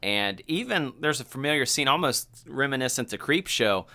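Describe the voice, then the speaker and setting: A man co-hosting a podcast, retelling a film in animated, casual chat full of fillers. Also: medium pitch, normal speed. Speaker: podcast co-host.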